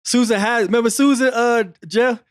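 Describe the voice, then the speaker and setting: A man's voice: very high-pitched, steady tone, brisk, smooth, no room sound, studio quality. A middle-aged man hosting a casual sports chat, telling stories animatedly and repeating phrases. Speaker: show host.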